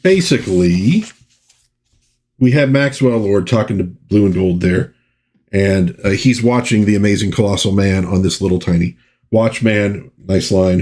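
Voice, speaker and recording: A middle-aged man talks through an old comic book in a relaxed, casual way. His voice sits a little low. He reads the panels aloud now and then and gives the characters playful voices.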